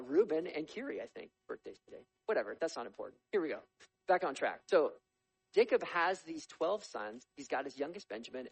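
Man preaching, tells the story lively with jokes on the side; slightly high voice, dry recording. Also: no echo, rough recording. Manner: lively storytelling with humorous asides. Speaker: pastor. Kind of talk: sermon.

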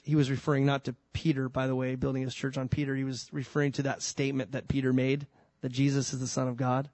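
Animated preacher man, conversational sermon. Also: mid-range voice, quick pace, no echo. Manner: swings between loud emphasis and soft asides. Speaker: pastor.

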